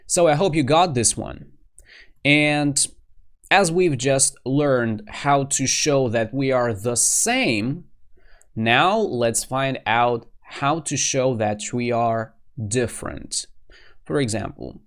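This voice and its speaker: A man's voice: mid-range voice, sing-song, slow pace. A male English teacher whose first language is Russian, giving a grammar lesson and acting out short dialogue examples. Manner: explains clearly, then acts out short dialogue examples.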